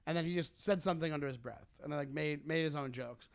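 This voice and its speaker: High-voiced man telling a rambling story. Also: quick pace, vocal fry, no room sound. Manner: rambling, animated storyteller with frequent restarts and swearing. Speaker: comedian podcast co-host. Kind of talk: casual chat, storytelling.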